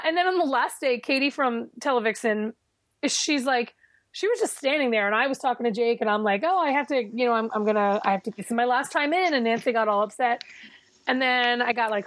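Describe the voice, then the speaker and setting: A woman with a high, light voice chats as a podcast co-host. She tells her stories with lively, mock-boastful flair. The sound is close and dry, with no room around it. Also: no echo. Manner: animated, playfully boastful storyteller. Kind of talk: casual chat.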